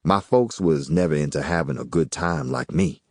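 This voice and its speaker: A man's voice: a bass voice, normal speed, darkish tone, no echo, studio quality. A man voicing a cocky hustler with a folksy, drawling in an audiobook. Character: smooth-talking Southern man, a cocky small-time hustler. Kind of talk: audiobook character voice.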